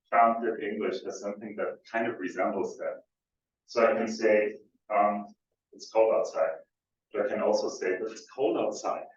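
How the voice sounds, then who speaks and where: A man with a low voice gives an academic talk, pausing often on fillers and restarting his sentences. He is picked up from far off in a strongly echoing lecture room. The audio is dull, with faint room ambience behind him. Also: slight background noise. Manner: hesitant, many fillers and restarts. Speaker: conference speaker. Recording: distant mic, echoey room, dull audio.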